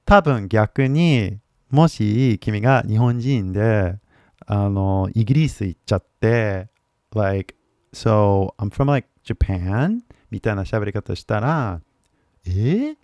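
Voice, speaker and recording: A man's voice: on the low side, normal speed, a little mellow, clear, resonant tone, no echo, lo-fi sound. A man, teaching English in a casual live stream. He chats loosely, laughs often and switches languages mid-sentence.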